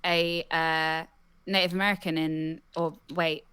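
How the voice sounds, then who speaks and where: A woman's voice: low-pitched, unhurried, clear, resonant tone. A woman chatting casually among friends, telling a story and acting out what people said. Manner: animated, bursts into laughter, acts out quotes. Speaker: podcast co-host. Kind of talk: casual chat.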